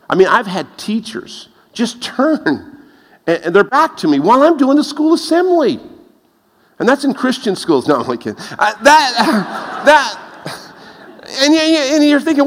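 A man preaching a lively sermon, telling stories and laughing at his own jokes. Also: normal speed. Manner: animated, laughs at his own jokes, rises in pitch when excited. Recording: long reverb of a large hall.

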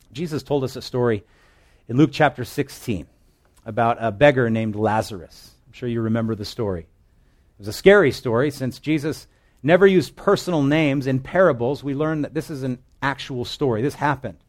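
Earnest male pastor preaching a sermon. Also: moderate pace. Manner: earnest, emphatic, shifts between loud stress and hushed low lines.

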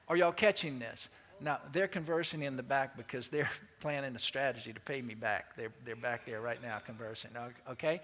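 A man preaching a sermon as pastor, telling the story in an animated way and asking the congregation questions. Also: on the high side, normal speed, big-room sound. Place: church sanctuary.

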